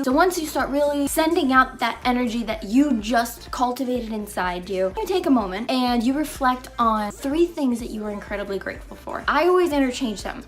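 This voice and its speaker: A young woman with a high, light voice talks straight to her viewers in an earnest, motivational vlog. She sounds heartfelt and a little emotional, with teasing asides now and then. Faint music plays underneath. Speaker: vlogger. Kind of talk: casual motivational vlog talk.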